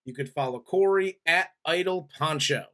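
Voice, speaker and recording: A man in his forties hosts a relaxed movie review chat, easygoing and often laughing. His voice sits a bit higher than most men's. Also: moderate pace. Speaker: podcast host.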